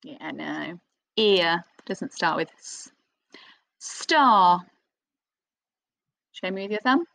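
Lively slow-paced woman teaching phonics. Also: lowish voice, creaky, dry recording, poor audio. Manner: slow, expressive sing-song teacher voice with gasps of excitement. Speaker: primary school teacher. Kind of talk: phonics lesson for young children.

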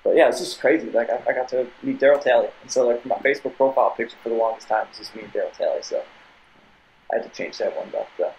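A man's voice: medium pitch, quick pace, a little mellow, rough recording. A young man, a podcast guest, telling a long casual story with many tangents and restarts. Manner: rambling, tangents, repeated restarts.

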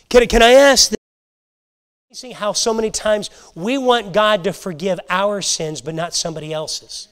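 A man teaching a Bible lesson to a church class, earnest and halting, often restarting his sentences. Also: sits high, smooth. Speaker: Sunday school teacher.

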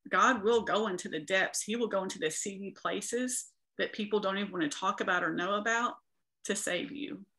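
A woman's voice: mid-range voice, normal speed, pushed and bright. A woman guest in an interview, sharing her faith story in an earnest, preaching manner.

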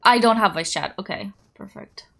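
Bubbly girl streamer, raspy husky morning voice, kinda gravelly, giggly. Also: medium pitch, moderate pace, fairly bright tone. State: just woken up, hoarse. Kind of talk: casual live-stream chat.

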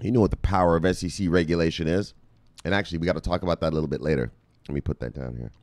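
A man hosting a video, giving his viewers a fired-up, profane pep talk and repeatedly shouting "bang". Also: low voice, rapid-fire, no echo. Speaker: crypto video host. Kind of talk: hyped pep-talk vlog.

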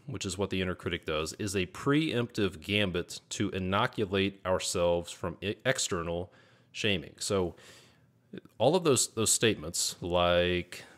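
A man's voice: sits low, animated, measured pace, a bit bright. A man hosting a podcast, speaking earnestly as a business coach, repeating key points and rattling off lists of negative self-talk. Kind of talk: podcast monologue.

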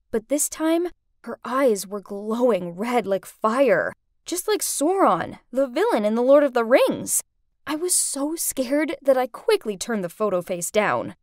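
A young woman narrating a first-person animated story in a dramatic, expressive way. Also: a little high, no echo, studio quality.

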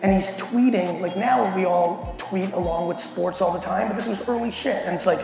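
A middle-aged man giving a blunt, animated keynote to a company audience and swearing constantly as he tells a story. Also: high-pitched, fairly quick, creaky. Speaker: keynote speaker. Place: large hall at a company event. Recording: echoey hall with faint music.

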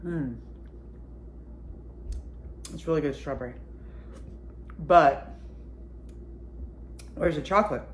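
A woman's voice: low-pitched, slow, pauses often, a little hiss or hum. A woman talking casually to her viewers in a mukbang vlog, tasting food and swearing freely. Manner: chatty, swears freely, talks between bites. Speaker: vlogger.

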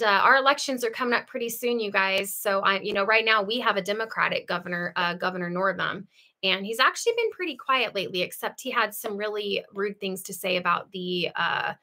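Woman livestream host, bright voice, casual chat, laughs easily. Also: mid-range voice. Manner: chatty, laughs often, lively asides. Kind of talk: casual livestream chat, reading viewer comments. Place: home.

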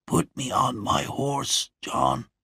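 A badly wounded young man, as a narrator voices him, speaking a little higher than the narrator's own low voice, strained and hushed. The delivery is slow and urgent, with a dry, close sound. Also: fairly even intonation, slightly rough, no echo, heavily acted.

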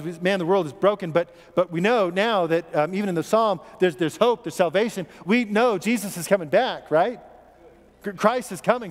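A man preaching a sermon as pastor, in a conversational, repetitive way with questions to the congregation, in an American accent. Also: high voice. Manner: conversational, repeats words, asks the congregation questions. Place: church sanctuary. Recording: long church reverb.

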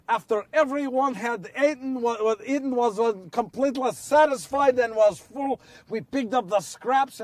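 A man's voice: sits high, no echo, recorded from a distance. A man playing an earnest apostle who recalls miracles in a first-person monologue, telling the story and asking his listeners questions, recorded outdoors. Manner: storytelling, rhetorical questions to listeners, builds to shouts. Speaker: actor in a one-man biblical monologue. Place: outdoors on location.

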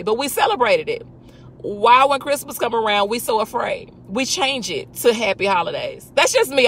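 A woman's voice, on the high side and a bit bright, hosts an informal faith talk over a slight hiss or hum. Her delivery is emphatic, packed with rhetorical questions, and she argues back at imagined listeners.

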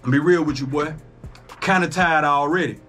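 A man hosting a reaction video, talking casually, excitable and profane, exclaiming often. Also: on the high side, a little fast, soft background music.

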